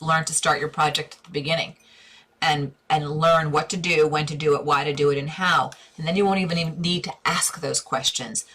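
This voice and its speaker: A woman's voice: deep voice, pushed and bright. A middle-aged woman hosting a live interior design stream, answering viewer questions in a chatty, direct way and using endearments.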